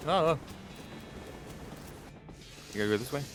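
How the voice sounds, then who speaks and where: A man's voice: on the low side, fairly quick, fairly bright tone, soft background music. A man streaming a game, reading its text aloud with wry, rambling asides. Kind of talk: let's play commentary reading game text.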